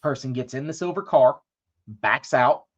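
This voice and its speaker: At normal speed and medium pitch, with highs cut off, a podcast co-host relates a lengthy story. His casual storytelling is loose and profane, with acted-out quotes from the people in it.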